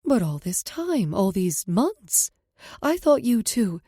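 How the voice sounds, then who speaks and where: Woman voicing a gentle loving mother. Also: medium pitch, big pitch swings, slow pace, breathy edge, no echo, clean studio sound, exaggerated voice. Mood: gentle, caring. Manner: soft, reassuring.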